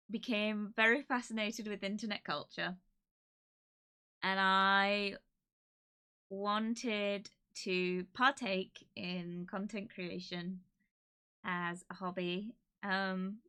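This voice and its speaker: Slow-talking bright-voiced woman streamer. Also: mid-range voice, clear, resonant tone. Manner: emotional, laughing and tearing up, halting with many fillers. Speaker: streamer hosting an anniversary stream. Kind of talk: casual live-stream chat.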